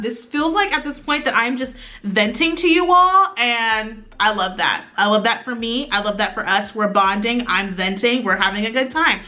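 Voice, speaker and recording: Young girl doing a grwm storytime, kinda high voice, super bright and chatty. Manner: animated, rambling, playful. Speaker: beauty vlogger. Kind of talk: chatty get-ready-with-me storytime.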